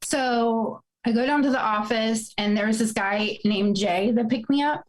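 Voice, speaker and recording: A woman's voice: fairly high pitch, a little slow, low-quality recording. A woman in her forties telling a painful personal story, fighting back tears as she speaks. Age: 40s. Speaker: guest.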